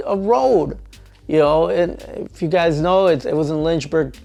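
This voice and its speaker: A man who trains truck drivers tells a story in a casual vlog, acting out both sides of an argument with lively energy. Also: on the high side, unhurried, creaky, soft background music.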